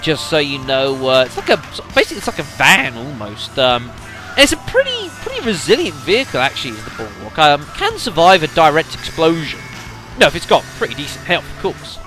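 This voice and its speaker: A man's voice: fairly high pitch, wildly swooping pitch, brisk, music in the background. A man giving casual gameplay commentary, rambling with lots of fillers and addressing the audience as folks. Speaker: let's play commentator.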